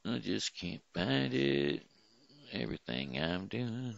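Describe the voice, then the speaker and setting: A man's voice: on the low side, sing-song, takes it slowly, vocal fry, dry recording, highs cut off. A man vlogging alone, muttering to himself and trailing off as he searches for something. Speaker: daily vlogger. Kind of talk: casual self-talk between songs.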